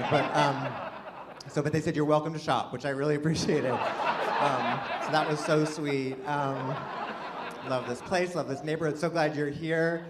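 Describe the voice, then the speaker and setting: A man's voice: on the high side, steady tone, moderate pace, very noisy. Chatty man doing stand-up, live crowd. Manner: chatty, self-deprecating, rambling with restarts. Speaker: stand-up comedian. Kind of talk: stand-up comedy set. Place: comedy venue, live audience. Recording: live venue with audience laughter.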